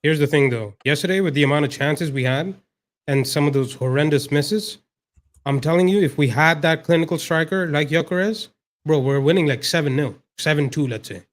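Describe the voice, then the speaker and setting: A man on a football panel, laid-back and quick to laugh. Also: fairly high pitch. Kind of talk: casual football chat.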